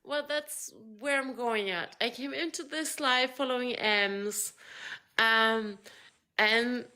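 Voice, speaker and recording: A woman from France chatting as a guest on a live stream, halting and apologetic, often repeating words. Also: on the high side, sharp tone, smooth. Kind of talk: casual live-stream chat.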